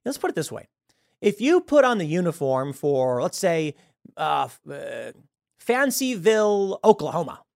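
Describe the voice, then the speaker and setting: A man hosting political commentary, talking in an animated and scornful way. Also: fairly high pitch, a little slow, vocal fry, dry recording, studio quality. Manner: animated, acts out quoted voices, scornful. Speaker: show host.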